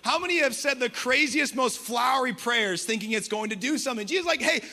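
A man preaching in a very high voice with a gravelly edge and a bright, forceful tone. He delivers his sermon energetically and with humor. He keeps it conversational, with quick asides. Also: animated. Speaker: pastor.

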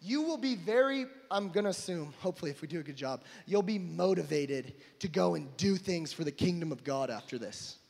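A young man preaching an emphatic sermon to a crowd, swinging between loud calls and hushed asides. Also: fairly high pitch, animated, brisk, gravelly, hardly any pauses. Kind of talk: energetic sermon to a live crowd. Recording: long hall reverb.

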